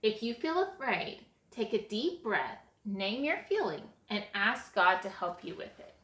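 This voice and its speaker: A woman reading a storybook aloud, voicing a kind father who calmly and gently teaches his son. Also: medium pitch, measured pace. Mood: reassuring. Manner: calm, gently instructive. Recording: echoey room.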